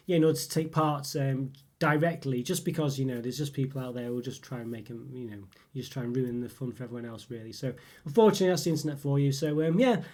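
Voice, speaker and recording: Male host, fast rambling vlog chat, slightly higher voice, still a bit rough from a cold. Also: darkish tone. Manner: rambling, many fillers and restarts. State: lingering cough, voice still rough. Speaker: channel host. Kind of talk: casual update chat.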